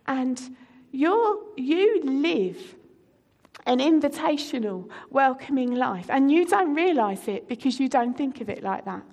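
A middle-aged woman gives a story-led sermon in a high, gravelly voice. She talks loosely and conversationally, with plenty of ums. Her voice echoes around a large church hall. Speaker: preacher.

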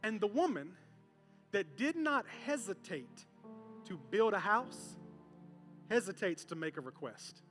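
A male pastor preaching a sermon from a church stage, animated and conversational, with comic bits. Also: high voice, a little slow, long pauses. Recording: long hall reverb, faint music.

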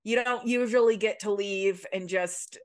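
A woman's voice: mid-range voice, measured pace. A young woman co-hosting a podcast over a remote call, chatting casually, swearing now and then and restarting her sentences. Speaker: podcast co-host. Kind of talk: casual chat.

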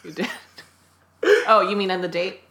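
A woman's voice: on the low side, steady tone, normal speed, bright, forceful tone. Teasing woman co-hosting a podcast. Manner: playful, teasing, laughs along. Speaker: podcast co-host. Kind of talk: casual podcast chat.

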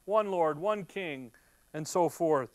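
High-voiced animated male preacher. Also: dry recording. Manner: animated, acts out scenes in quick bursts. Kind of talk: sermon, Bible teaching.

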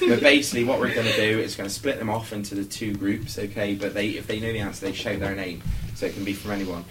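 A man's voice: lowish voice, steady tone, fast talker, far from the mic. A man hosting a quiz on a student podcast, chatty and giggly, with lots of fillers. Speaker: quiz host. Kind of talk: casual student podcast chat. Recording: noisy room, speaker a little off-mic.

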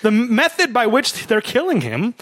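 A man's voice: very high voice, moderate pace, dry recording. A man co-hosting a podcast, chatting casually about a film and acting out quotes. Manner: relaxed, chatty, acts out quotes. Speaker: podcast co-host.

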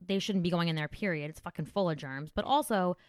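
A woman comedian hosting a casual podcast chat, crude and animated, swearing freely. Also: lowish voice, fast talker, no room sound, studio quality.

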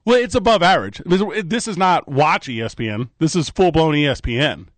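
A man hosting a morning sports talk radio show from a studio, bantering in a quick, joking way. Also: on the high side, no room sound. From American Midwest. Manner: animated, quick, joking delivery. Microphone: studio microphone.

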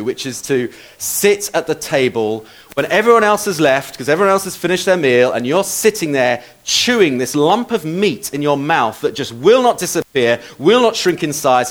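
A man preaching a sermon in a conversational, self-deprecating way, with asides to the congregation. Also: fairly high pitch.

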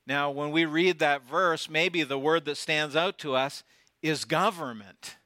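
A man preaching a sermon, swinging from loud declarations down to near whispers and putting rhetorical questions to his congregation. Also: on the high side, measured pace, dry recording, clean studio sound. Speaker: pastor.

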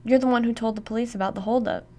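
A woman voicing a violent, drugged father who speaks flatly and menacingly, then bursts into screaming rage. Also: fairly high pitch, rapid-fire, lightly acted. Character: violent drugged father, middle-aged man.

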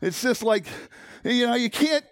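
A middle-aged man preaching a sermon as pastor, conversational and animated, swinging from loud emphasis to hushed tones and asking the congregation questions. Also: extremely high pitch, measured pace, vocal fry, dry recording.

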